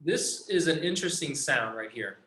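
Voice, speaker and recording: A man with an expressive, bright, forceful voice on the high side teaches a language lesson over video call from an echoey room. Slow and patient, he draws out each sound and has students repeat after him.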